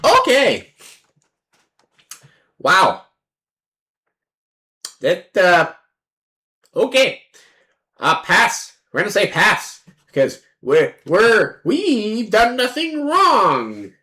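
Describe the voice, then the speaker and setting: A woman's voice: mid-range voice, big pitch swings, drawn-out words, long pauses, bright, forceful tone. A woman streamer giving casual commentary on a card game, playful and sarcastic, acting out both sides of the table and swearing freely.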